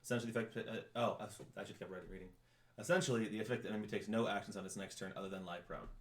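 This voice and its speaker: A man running a tabletop game as game master, reading rules aloud in a relaxed way and laughing easily. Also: fairly low pitch, rapid-fire, roomy sound.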